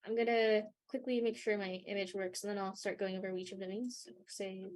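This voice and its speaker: A young woman leading a live coding workshop, talking through her screen with many ums and pauses, her voice a little worn. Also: mid-range voice, steady tone, a little mellow. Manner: hesitant, many ums and sort ofs. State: losing her voice a bit. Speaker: workshop instructor.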